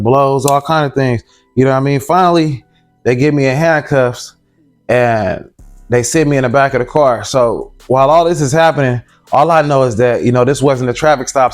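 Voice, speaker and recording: A man at a middle pitch tells a story in casual street slang, keeping his listener hooked with the same tag line and acting out what the others said. Faint music plays behind him. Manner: slangy, animated, acts out the voices of others. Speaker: interviewee.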